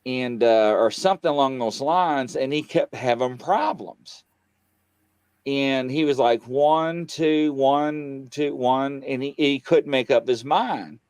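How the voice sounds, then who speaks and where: Male guest, casual storyteller, average pitch, dry close mic, acts out the dialogue. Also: slow pace, smooth, no room sound. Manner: animated, acts out quoted dialogue, voice jumps high when excited. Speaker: guest on a paranormal talk show.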